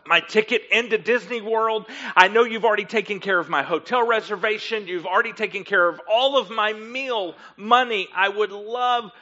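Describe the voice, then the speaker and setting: A man preaching a sermon, telling the story in an animated way and acting out the voices of the listeners and the guests. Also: high-pitched, moderate pace, few pauses, dull audio.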